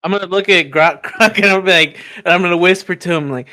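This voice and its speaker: A man's voice: high-pitched, fairly quick, few pauses, pushed and bright. A man playing a tabletop game, rambling with lots of likes and swearing. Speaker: player. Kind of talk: casual tabletop play.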